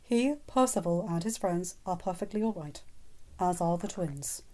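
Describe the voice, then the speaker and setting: A woman voicing a calm, grave old headmaster wizard who speaks slowly and soothingly. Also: lowish voice, close to an everyday voice.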